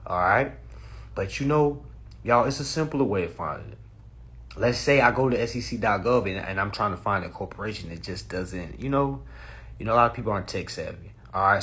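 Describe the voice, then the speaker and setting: A man hosting a casual livestream on his phone, talking in a preachy, animated way, cursing freely and laughing at his own points. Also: fairly low pitch, a little fast. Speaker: livestream host.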